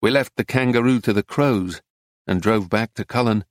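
A man narrating a memoir as an audiobook, telling it in a measured, even way. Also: lowish voice, no echo, studio quality.

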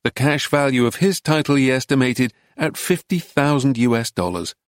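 A man's voice: medium pitch, normal speed, dry recording. Man narrating an audiobook, dry delivery.

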